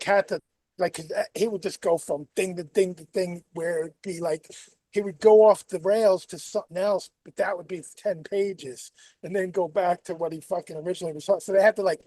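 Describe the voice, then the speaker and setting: A man's voice: sits high, fairly even intonation, normal speed, mellow, dry recording, poor audio. A man chatting casually, talking enthusiastically and swearing casually. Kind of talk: casual chat.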